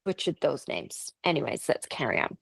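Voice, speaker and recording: Telling ghost stories on a podcast she co-hosts, this Canadian woman keeps things casual and chatty, full of laughs and asides. Her voice rumbles low with big pitch swings, a creaky, breathy edge, and normal speed, on a rough recording with no echo.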